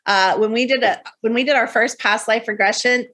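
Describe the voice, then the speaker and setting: A woman with a slightly high voice hosts a casual conversation. She speaks in quick bursts and often trails off before finishing a thought. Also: steady tone, a bit bright. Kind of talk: casual chat.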